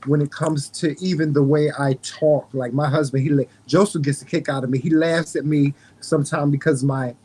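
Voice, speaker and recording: A man's voice: fairly high pitch, fairly even intonation, brisk, hardly any pauses, dark tone, slightly rough. A man with a Southern American drawl, hosting a casual conversation, earnest and often restarting his sentences. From North Carolina. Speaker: host.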